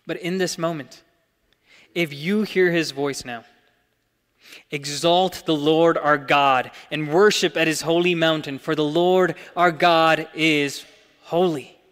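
A young man preaching a sermon in a church, earnest, swelling to emphatic peaks and dropping soft. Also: fairly high pitch. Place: church hall. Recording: long hall reverb.

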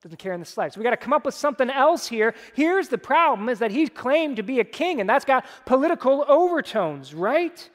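A male pastor delivers a sermon in a casual, conversational way, briefly acting out the people he quotes. His voice sits high for a man. The sound carries a long reverb from a large hall. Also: sing-song, a little fast, few pauses. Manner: conversational preaching, mimics voices when quoting.

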